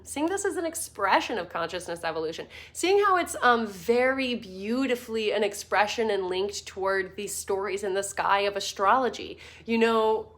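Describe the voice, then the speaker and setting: A woman's voice: medium pitch, a bit bright. A woman giving a casual online class over slides, chatty and playful, with fillers and little laughs. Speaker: course teacher.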